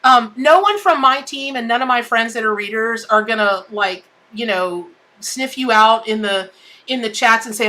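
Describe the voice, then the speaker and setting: A woman's voice: a little high, normal speed, bright, forceful tone. A woman hosting a live tarot stream, chatting in a bubbly way and greeting viewers by name. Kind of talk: casual live-stream chat.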